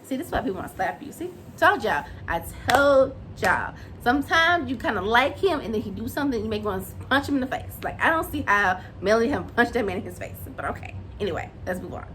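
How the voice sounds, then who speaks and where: Woman, fairly high voice, animated opinionated recap, faint ambience. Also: quick pace, few pauses, a little hiss or hum. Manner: animated, opinionated, acts out quotes. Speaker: reality show recapper. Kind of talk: casual recap and commentary.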